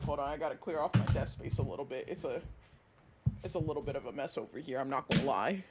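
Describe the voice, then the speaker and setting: A woman's voice: very deep voice, animated, fast, music in the background. A woman streamer, chatting to her audience and ranting with outrage and laughter. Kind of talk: casual live-stream chat.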